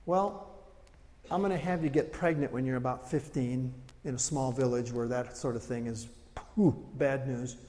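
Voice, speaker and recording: A pastor voicing God, calm and matter-of-fact. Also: male voice, mid-range voice, moderate pace, lightly acted. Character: God, a calm male voice giving a hard mission. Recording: reverberant hall.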